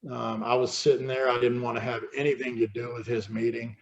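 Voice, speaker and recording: A man in his fifties, a podcast guest, candidly telling his own recovery story in a halting way that often repeats words. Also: mid-range voice, flat delivery, highs cut off.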